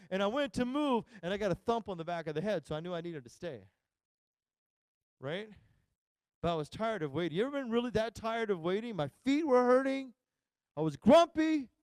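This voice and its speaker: A pastor preaching a sermon, telling a funny family story and acting out the voices of everyone involved. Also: male voice, extremely high pitch, clear, resonant tone, no room sound, clean studio sound. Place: church sanctuary.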